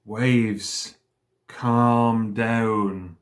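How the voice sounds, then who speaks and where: A man voicing a calm, gentle grown man who hushes a storm, speaking quietly, slowly and soothingly. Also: on the low side.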